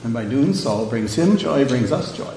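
A man's voice: mid-range voice, lively intonation, moderate pace, warm tone. A man in a church class adding an earnest, thoughtful comment to the discussion. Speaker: class member. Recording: roomy hall, faint noise.

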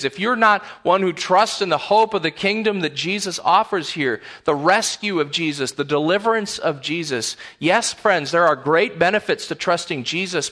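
Male pastor, sermon delivery, slightly high and bright, emphatic, repeats words for stress. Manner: earnest, emphatic, repeats words while building a point. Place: church sanctuary.

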